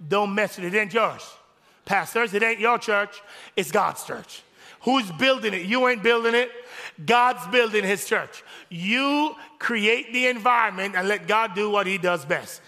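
High bright-voiced preaching man, echoing hall. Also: measured pace. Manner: call-and-response preaching, rising to shouts on key phrases. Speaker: pastor. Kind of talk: sermon. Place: church sanctuary.

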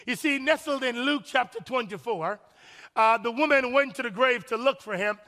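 A man preaching a sermon as pastor, with animated, lively storytelling and call-and-response with the congregation. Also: very high voice, normal speed, big-room sound.

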